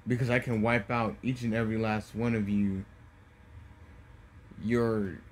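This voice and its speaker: A man voicing an arrogant, menacing young male ninja in a casually told fan story, with slow, taunting, drawn-out threats. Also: fairly low pitch, flat delivery, slight background noise, close to an everyday voice.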